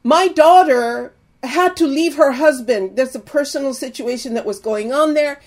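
A woman's voice: high-pitched, normal speed, a little mellow, lightly acted. A woman voicing a grateful older Mexican woman who thanks her emotionally and tearfully.

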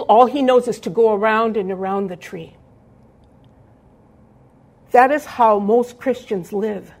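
A woman preaching a sermon with fervent calls for amens, telling a story with quoted dialogue. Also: a little high.

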